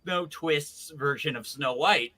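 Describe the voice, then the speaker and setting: Blunt co-host dude, super bright tone, little high. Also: male voice, slow pace. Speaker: podcast co-host. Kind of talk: casual chat.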